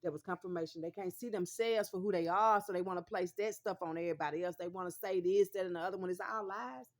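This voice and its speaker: A woman's voice: fairly low pitch, steady tone, fast. A woman from the American South, talking straight to her viewers in an emphatic, repetitive monologue that keeps calling them honey. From Mississippi, US South. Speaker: vlogger.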